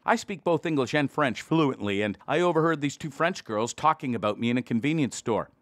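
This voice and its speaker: A man reading out internet stories in scripted narration, in a lively storytelling manner. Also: mid-range voice, a little fast, no room sound.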